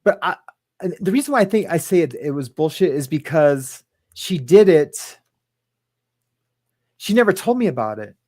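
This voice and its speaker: A man's voice: fairly high pitch, big pitch swings, normal speed, long pauses, mellow. A man hosting a casual talk show, rambling and hesitant, with lots of fillers and restarts and some casual swearing. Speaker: podcast host. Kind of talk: casual chat.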